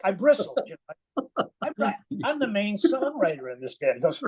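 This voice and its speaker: A man's voice: high voice, sing-song, normal speed, a little mellow, slightly rough, low-quality recording. An older man, a musician guest, telling anecdotes in a casual interview, acting out quotes and laughing often. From Cleveland, USA.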